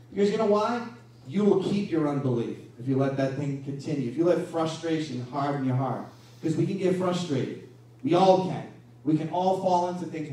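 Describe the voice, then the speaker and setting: A man preaching a sermon as pastor, animated and full of rhetorical questions, recorded from a distance in a church hall. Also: a little high. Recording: echoey room from a distance.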